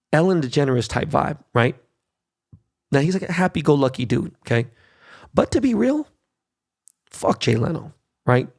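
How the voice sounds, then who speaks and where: Brash middle-aged male podcast host, gravelly, foul-mouthed solo rant. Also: fairly high pitch, a little mellow. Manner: brash, profane, ranting.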